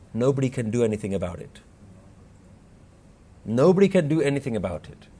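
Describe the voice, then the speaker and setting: A man's voice: mid-range voice, darkish tone. Guy giving a spiritual talk, earnest, voice goes up and down a lot, tells stories. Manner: earnest, rises and falls for emphasis, quotes scripture. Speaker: Sikh workshop speaker.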